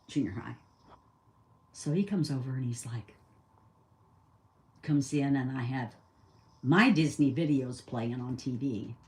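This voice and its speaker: A woman's voice: extremely low pitch, darkish tone, a little hiss or hum. An older woman telling a personal story in a casual, rambling way. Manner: chatty, rambling, acts out dialogue.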